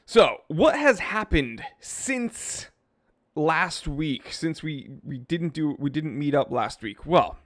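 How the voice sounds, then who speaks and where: A man hosting a casual live stream, reading viewer comments aloud and joking about himself in a lively, self-deprecating way. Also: fairly high pitch, takes it slowly, no echo, clean studio sound. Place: home studio in California. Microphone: wearing headphones, close mic.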